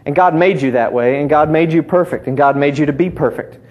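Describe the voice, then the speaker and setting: A man's voice: a little high, a little fast, highs cut off. A middle-aged man preaching a sermon, talking conversationally and teasing the congregation with call-and-response. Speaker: pastor.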